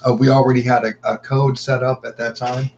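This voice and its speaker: A middle-aged man tells a guest story of his family's haunting, stumbling over words and restarting phrases. His pitch sits in the ordinary middle range. The recording is a little dull, with a faint hiss behind him. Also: level tone, a little mellow. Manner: halting, repeats words, acts out quotes. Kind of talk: recounting paranormal experiences.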